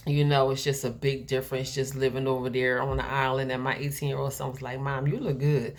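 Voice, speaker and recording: A woman's voice: extremely low pitch, completely flat delivery, fast. A woman in her forties from the United States, talking earnestly and emphatically to her viewers, her voice climbing when she gets fired up. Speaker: vlogger. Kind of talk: casual encouraging talk to camera.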